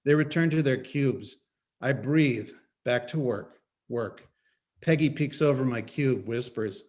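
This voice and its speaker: A man's voice: medium pitch, unhurried, a little mellow. A man reading his own story aloud as first-person audiobook narration, dry and wry in tone.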